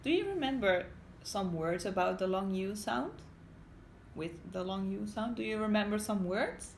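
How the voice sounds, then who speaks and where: A woman's voice: mid-range voice, animated, moderate pace, vocal fry. A woman teacher giving a phonics lesson to young children, asking patient, coaxing questions and reading a story aloud. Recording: roomy home recording with faint hiss.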